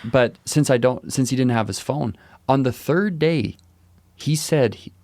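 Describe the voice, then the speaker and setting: A man's voice: mid-range voice, a little slow, darkish tone, dry recording. A man co-hosting a podcast, telling rambling stories in a laid-back, joking way. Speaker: podcast co-host. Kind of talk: casual chat.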